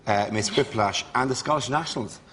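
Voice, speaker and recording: A man's voice: mid-range voice, very noisy. A man hosting a comedy panel show, teasing the guests and moving the rounds along. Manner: teasing, quick to mock guests. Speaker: host.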